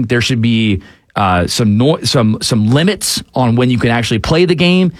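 A man's voice: medium pitch, animated, moderate pace, no echo. Opinionated male talk host, dry sound. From Atlanta area, USA. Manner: conversational and opinionated, with frequent fillers. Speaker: news talk show host. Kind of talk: casual news commentary.

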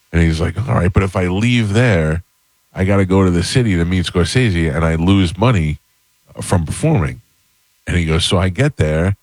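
Very deep-voiced man telling stories. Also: no room sound. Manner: animated, acts out voices in anecdotes. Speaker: podcast host. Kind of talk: casual storytelling.

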